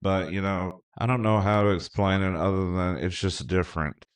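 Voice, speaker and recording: A middle-aged man with a very low, deep voice tells a personal story on his podcast. He speaks earnestly and from the heart, wandering off a little and filling pauses with "um" and "like". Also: fairly even intonation, far from the mic. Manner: earnest, heartfelt, rambling with fillers. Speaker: podcast host. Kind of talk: casual storytelling.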